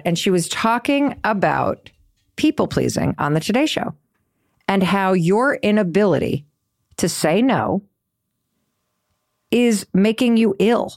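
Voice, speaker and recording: A middle-aged woman hosting her podcast, telling a story in an animated, gushing way and acting out quotes with gasps. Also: medium pitch, a little slow. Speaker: podcast host.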